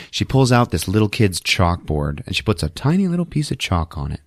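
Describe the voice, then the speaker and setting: A man with a lowish voice recaps a film in a profane, animated style, and his pitch swings constantly. He is recorded close on a podcast mic in a dry room. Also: a little fast, dry recording. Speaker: podcast host. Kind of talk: casual movie recap.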